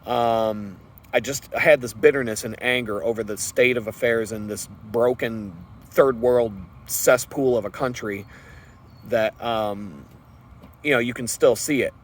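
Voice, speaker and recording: A man's voice: mid-range voice, steady tone, measured pace, slight background noise. A man vlogging a personal story in an earnest, rambling way, with fillers and restarts.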